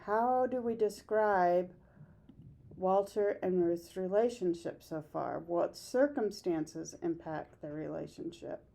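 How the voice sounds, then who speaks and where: A woman teacher walks her class through a play at a slow, patient pace. Her voice is warm and mellow, and she keeps asking questions before answering them herself. Keyboard typing can be heard faintly behind her. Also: medium pitch, gravelly. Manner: acts out quoted lines in a raised voice.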